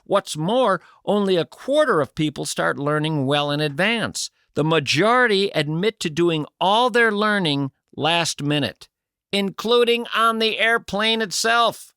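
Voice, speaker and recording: Wry, gravelly talk radio host. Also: male voice, high voice, animated, a little slow, sharp tone, no room sound, clean studio sound. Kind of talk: comic radio commentary.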